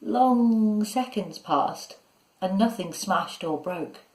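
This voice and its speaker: A woman narrating a children's story in a measured, expressive way. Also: mid-range voice. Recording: echoey room.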